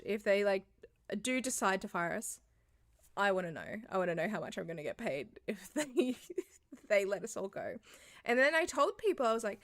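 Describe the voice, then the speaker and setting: Young woman, casual livestream storytelling, animated, swears and laughs a lot. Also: mid-range voice.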